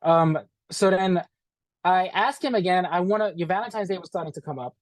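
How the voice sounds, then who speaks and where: A man telling a story as an interview guest, animated and profane, acting out what people said and calling the listener "bro". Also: high-pitched, fairly quick, dry recording. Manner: animated, profane, acts out quoted dialogue, says "bro". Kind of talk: casual storytelling.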